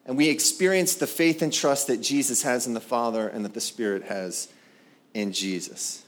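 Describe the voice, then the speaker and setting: A man preaching a sermon, animated and conversational, acting out scripture scenes with playful voices. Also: medium pitch, moderate pace. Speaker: pastor.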